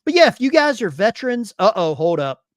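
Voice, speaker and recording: A man's voice: high voice, big pitch swings, a little fast, dry recording, clean studio sound. A man hosting a casual live stream, reading chat messages aloud with bursts of enthusiasm. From Arkansas.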